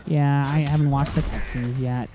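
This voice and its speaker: A man speaks in a mid-range voice with little pitch movement at a moderate pace, with background noise and faint game music in the recording. As a gaming commentator, he talks casually over his play, wandering through tangents with many fillers and frequent laughter.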